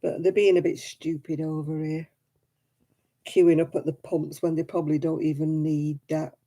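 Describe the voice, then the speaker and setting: Sitting at her desk, a middle-aged woman with a British English accent runs a relaxed live stream, chatting and welcoming viewers by name. Her deep voice has a dark, level tone, and she speaks at normal speed.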